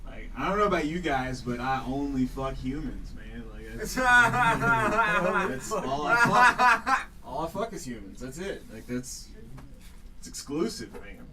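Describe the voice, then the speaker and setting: A man's voice: mid-range voice, lively intonation, normal speed, distant mic, a crowd in the background, rough recording. A man doing a stand-up set with a crude, laid-back stoner delivery, performing live in a small comedy studio. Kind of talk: stand-up set with comic song. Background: live audience laughter, music.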